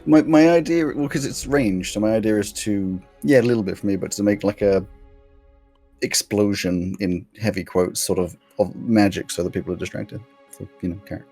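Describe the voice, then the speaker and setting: A man speaking as a player in a tabletop game, with dry, deadpan remarks. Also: on the low side, normal speed, soft background music. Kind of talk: casual tabletop play.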